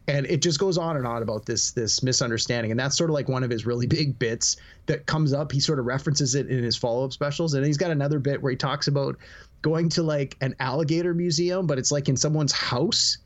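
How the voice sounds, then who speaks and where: A man's voice: mid-range voice, fast talker. Rambling man chatting on a podcast. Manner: rambling, animated storytelling with many fillers. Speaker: podcast co-host. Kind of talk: casual podcast chat.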